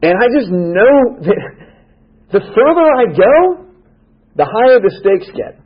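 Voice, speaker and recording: A man with a high, slightly rough voice speaks slowly but with lots of animation at a recovery meeting in a club meeting room. He tells a funny personal story, wryly acting out his own lines. The recording is dull and lo-fi.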